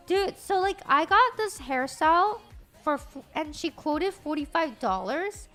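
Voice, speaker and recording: A woman streamer chatting casually, telling stories in an animated, profane way. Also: high-pitched, normal speed, soft background music. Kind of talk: casual livestream chat.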